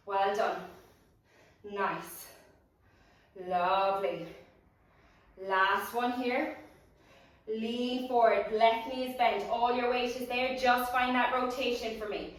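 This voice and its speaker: A woman teaching a pilates workout, giving steady, encouraging cues and counts. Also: fairly high pitch. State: out of breath at times. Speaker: pilates instructor. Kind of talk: guided workout cueing. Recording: roomy echo, voice from a distance.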